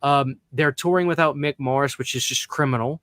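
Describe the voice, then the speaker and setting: Man, podcast host, blunt profane rants, mid-pitched voice, dry close sound. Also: steady tone, normal speed, a bit bright, dry recording. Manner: blunt, profane, emphatic ranting. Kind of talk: casual chat.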